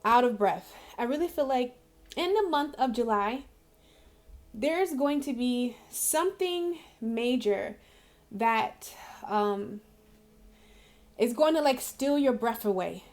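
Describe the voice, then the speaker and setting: A woman's voice: on the high side, expressive, takes it slowly, pauses often, darkish tone. A woman giving a casual monthly astrology reading, chatty and giggly with lots of fillers. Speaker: spiritual reader.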